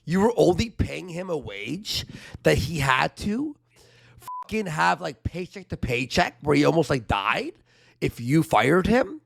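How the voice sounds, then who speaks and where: A man's voice: on the high side, sing-song, unhurried, gravelly. A man streaming commentary who reads messages aloud in a sarcastic, incredulous way. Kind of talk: casual commentary reading messages.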